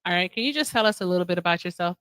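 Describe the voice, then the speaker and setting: A woman hosting a casual livestream chat, loud and teasing, joking with callers and laughing often. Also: fairly low pitch, lively intonation, very fast, smooth, no echo. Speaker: host.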